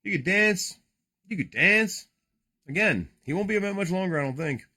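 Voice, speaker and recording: Excitable profane man with a lively voice. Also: high voice, normal speed. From New Jersey. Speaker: card-breaking streamer. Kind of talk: casual live card-opening chat.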